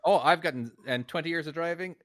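A man in his forties with a thick Irish accent, telling a story in a lively, casual way, with swearing and laughter. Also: a little high, quick pace, no echo, clean studio sound. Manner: animated anecdote teller, swears, laughs.

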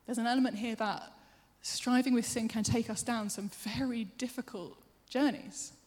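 A woman preacher giving a sermon, chatty and self-deprecating, with quick asides to the congregation. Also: fairly high pitch, steady tone, darkish tone. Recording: long hall reverb.

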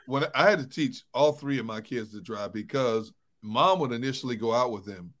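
A middle-aged man co-hosting a sports talk show, telling relaxed stories and chuckling often. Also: mid-range voice, normal speed. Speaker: sports radio co-host. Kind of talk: casual chat.

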